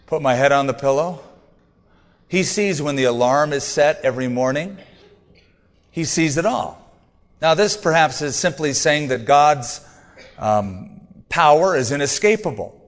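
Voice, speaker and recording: A man's voice: on the high side, in a large hall. A man preaching a sermon in a conversational, humorous way, reading scripture aloud between stories. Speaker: pastor.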